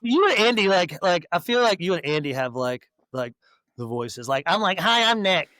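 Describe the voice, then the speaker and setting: A man's voice: on the high side, animated, normal speed, a bit bright, no echo, studio quality. A man hosting a horror podcast, chatting casually and joking around in a rambling way. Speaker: podcast host.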